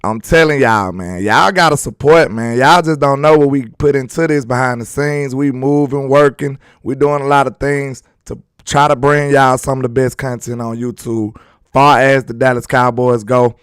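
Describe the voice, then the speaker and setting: A man's voice: medium pitch, fairly even intonation, normal speed, clear, resonant tone, dry recording, studio quality. Laid-back slangy man hosting a live stream. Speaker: sports live-stream host. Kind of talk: casual live-stream commentary, reading chat aloud.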